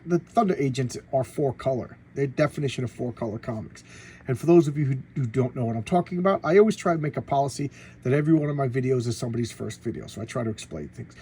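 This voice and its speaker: A man's voice: medium pitch, mellow, slight background noise, low-quality recording. A man hosting his own comic review video, talking casually and sarcastically, with many restarts and asides. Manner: sarcastic, rambling, full of restarts. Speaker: comic book video host.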